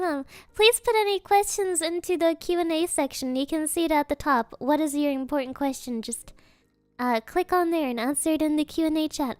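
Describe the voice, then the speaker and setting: Playful woman streamer, high voice, unhurried, dry close sound. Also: no echo. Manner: playful, giggly, silly joking answers. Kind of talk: casual live Q&A chat.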